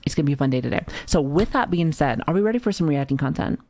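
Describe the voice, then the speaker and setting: A woman's voice: deep voice, expressive, rapid-fire, gravelly, a little mellow. Profane, joking woman streamer in her thirties. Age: 30s. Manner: profane, joking, chatty with frequent laughs. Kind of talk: casual live-stream chat.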